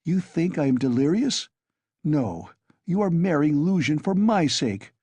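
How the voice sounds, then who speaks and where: A man's voice: a little high, big pitch swings, unhurried, darkish tone, husky, no echo, voice pushed up, exaggerated voice. Feverish agitated young man, read by a man. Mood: irritable. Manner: irritable, insistent outbursts.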